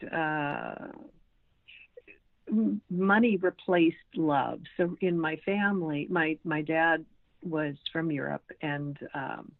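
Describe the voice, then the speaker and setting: A woman in her sixties speaks slowly in a fairly low voice, hesitant and full of ums and restarts as she chats in an interview. Her voice arrives over a thin, phone-like line, dry and close. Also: creaky, no echo. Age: 60s. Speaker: podcast guest. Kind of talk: casual interview conversation.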